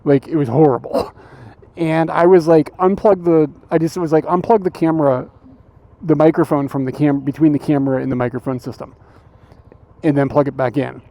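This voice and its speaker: Gravelly, laid-back male streamer. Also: on the high side, little pitch movement, brisk, dark tone. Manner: laid-back, chatty, laughs often. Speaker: IRL streamer. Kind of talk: casual storytelling on a walk. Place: outdoors on a city street.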